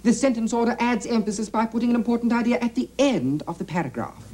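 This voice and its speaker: An actor playing a pompous aristocratic lord and boastful war hero, narrating and declaiming in a 1970s educational TV sketch. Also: male voice, extremely high pitch, quick pace, a little mellow, rough recording.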